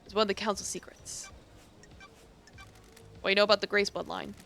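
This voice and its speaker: A woman's voice: medium pitch, steady tone, fairly quick, creaky, a bit bright, soft background music. A woman streaming a game, reading its dialogue aloud and adding casual, swearing asides.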